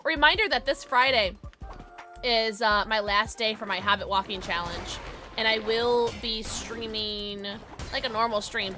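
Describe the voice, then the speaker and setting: A young woman streaming a game, chatting casually with her viewers and reading chat aloud, bubbly and quick to laugh. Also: mid-range voice. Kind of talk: casual gaming livestream chat.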